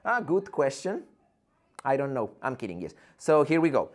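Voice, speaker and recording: A man's voice: medium pitch, sing-song, normal speed. Man, English teacher on a video call, jokey and theatrical, plays both teacher and student. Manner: playful, theatrical, jokes and acts out student questions. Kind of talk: live online English lesson.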